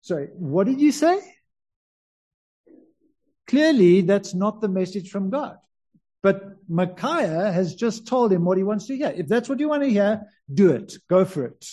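A man with a South African accent preaching a conversational sermon, slowing down on key words. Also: high voice, sing-song, mellow. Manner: conversational, varies emphasis, stretches key words.

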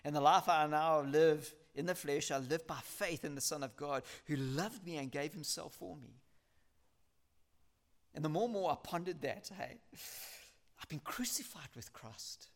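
In an earnest sermon, a man stresses his message by repeating key ideas and reading from scripture slowly and aloud. His voice is pitched fairly high.

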